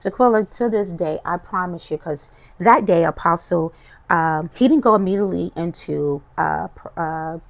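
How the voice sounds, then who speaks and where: Gravelly-voiced woman telling a personal story. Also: fairly low pitch, normal speed. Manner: expressive, animated storytelling, voices her past self. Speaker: podcast guest. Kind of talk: emotional personal testimony.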